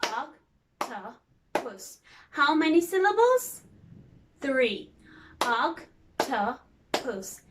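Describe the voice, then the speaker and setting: Slow, high-voiced woman teaching English. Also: sharp tone. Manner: slow, patient, repeats words and spells out vowels. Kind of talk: recorded lesson for young learners.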